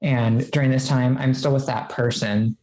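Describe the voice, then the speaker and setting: A woman's voice: a bass voice, steady tone, moderate pace, dark tone, roomy sound, low-quality recording. A woman as a podcast guest, telling a personal story in casual chat, full of "like" fillers and quoting what she said. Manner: chatty, many "like" fillers, quotes herself.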